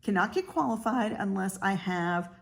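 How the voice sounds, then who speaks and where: Woman in her fifties, casual vlog, candid and chatty, lots of fillers, mid-pitched voice. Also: animated, normal speed, creaky. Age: 50s. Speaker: vlogger; realtor.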